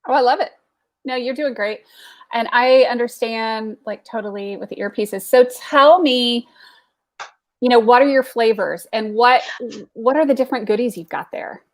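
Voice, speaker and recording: A woman's voice: fairly high pitch, moderate pace. A woman hosting a live online vendor fair, encouraging and gushing over her guest.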